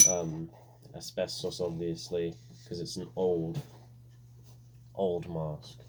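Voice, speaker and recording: A man giving casual unboxing commentary in a relaxed, rambling way, with many fillers. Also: low-pitched, heavy background noise. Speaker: vlogger reviewing a gas mask.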